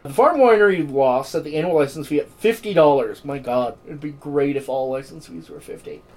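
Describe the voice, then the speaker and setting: A man's voice: fairly high pitch, a little fast, a little mellow, poor audio. A man co-hosting a podcast, reading history notes aloud with irreverent, jokey asides. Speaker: podcast co-host. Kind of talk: casual chat and reading history.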